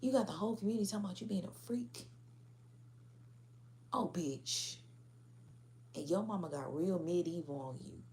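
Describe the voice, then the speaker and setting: Woman tarot reader, AAVE slang, dark warm tone, faint hiss behind. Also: fairly low pitch, moderate pace, pauses often. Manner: blunt, profane, laughing, slangy. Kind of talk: casual tarot reading to viewers.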